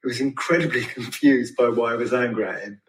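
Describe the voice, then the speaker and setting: A man's voice: medium pitch, a little fast, low-quality recording. Wry man telling a story. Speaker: caller sending a voice note. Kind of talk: casual anecdote.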